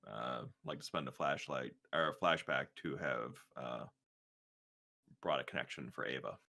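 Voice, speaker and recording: A man playing in a tabletop game, chiming in quickly and talking animatedly. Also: a bass voice, gravelly, sharp tone. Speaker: player. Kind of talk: casual chat at a game table.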